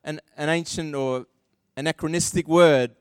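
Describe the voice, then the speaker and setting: Male pastor, high and lively delivery, dry close sound, sermon. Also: normal speed, clean tone, no echo. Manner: animated, acts out quoted voices, self-deprecating asides.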